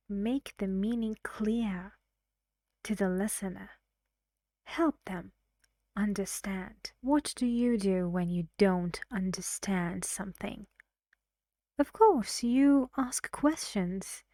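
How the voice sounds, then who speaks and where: In a recorded English pronunciation lesson, a woman with a mid-range voice speaks carefully, often dropping into a soft whisper. The recording has no echo.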